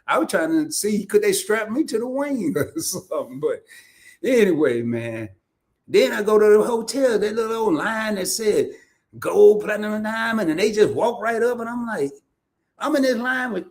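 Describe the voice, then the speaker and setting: Animated man telling stories. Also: high-pitched, moderate pace. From Arkansas. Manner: animated storytelling with laughs and repeated restarts. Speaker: host. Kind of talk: casual livestream chat.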